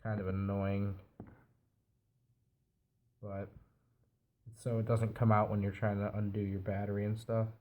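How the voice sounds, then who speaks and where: A man's voice: lowish voice, unhurried, pauses often, slight background noise, poor audio. A man with a nasal, stuffy voice from a cold, casually reviewing a device while he assembles it. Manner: relaxed, explains while assembling. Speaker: product reviewer.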